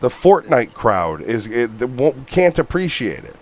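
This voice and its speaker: A man in a casual movie podcast chat, blunt and full of curses. His voice sits at an ordinary middle pitch, and he gets loud and animated when he rants. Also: a little slow. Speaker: podcast co-host.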